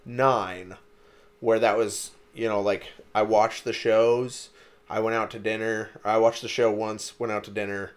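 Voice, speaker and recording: A man's voice: lowish voice, level tone, unhurried, smooth. Rambling, cursing young man telling stories. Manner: rambling storyteller, lots of "like" and cursing. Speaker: podcast co-host. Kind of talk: casual chat.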